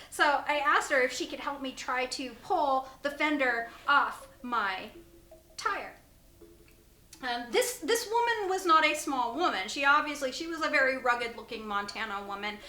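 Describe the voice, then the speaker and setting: A woman with a high, bright voice tells a spooky story as the casual host of her own show. Her pitch swings widely as she laughs her way through it, then sinks to a hush when things get tense. The room around her rings with an echo. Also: normal speed. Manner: animated, laughs often, drops to a whisper at tense moments. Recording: echoey room.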